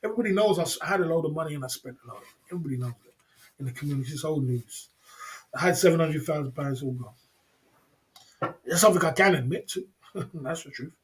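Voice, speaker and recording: A man's voice: fairly high pitch, lively intonation, fast talker, pauses often. A man chatting casually on a livestream, laughing often and repeating himself in slangy banter to his viewers. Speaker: livestream host.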